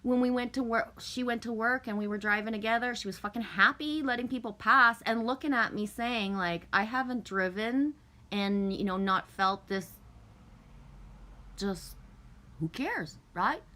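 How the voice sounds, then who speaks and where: A woman's voice: on the high side, unhurried, pushed and bright. Chipper, swearing middle-aged woman streamer. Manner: chipper, profane, laughs often, talks to chat. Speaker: livestream host. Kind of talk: casual livestream chat.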